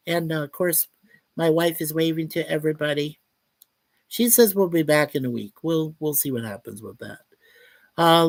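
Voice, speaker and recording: A man's voice: on the high side, no echo. A man hosting a casual livestream, chatting upbeat and reading out viewers' chat messages. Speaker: livestream host.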